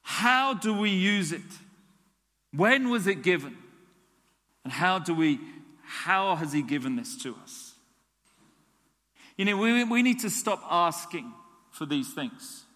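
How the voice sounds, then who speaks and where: A man's voice: high voice, takes it slowly, long pauses. A man preaching a sermon as a pastor, acting out little dialogues with God to make his point. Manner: animated, acts out dialogue with God. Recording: long hall reverb.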